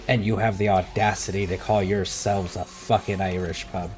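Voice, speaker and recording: A man's voice: deep voice, level tone, normal speed, hardly any pauses, a little mellow. Profane, ranting man on a game stream. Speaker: livestream gamer. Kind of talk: casual gaming livestream chat.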